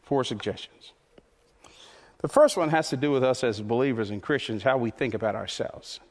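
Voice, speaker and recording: A man preaching a sermon as pastor, impassioned and repetitive, his voice climbing toward near shouts. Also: medium pitch, normal speed, in a large hall.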